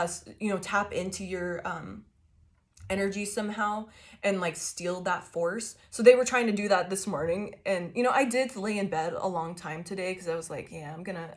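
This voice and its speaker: A woman giving a casual tarot reading, swearing freely and laughing often as she tells her story. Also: on the low side. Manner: profane, laughing, animated storytelling. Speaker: tarot reader.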